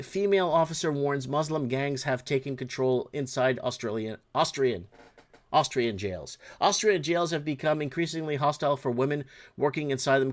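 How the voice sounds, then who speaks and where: A man hosting his own podcast, giving casual, exasperated news commentary, rambling with frequent restarts and fillers. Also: medium pitch. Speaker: podcast host.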